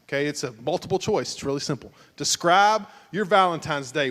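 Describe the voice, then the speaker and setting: Joking pastor hosting a church game. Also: male voice, on the high side, fairly quick. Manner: joking, teasing, animated. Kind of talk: playful game show hosting. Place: church sanctuary, at the altar. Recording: long church hall reverb.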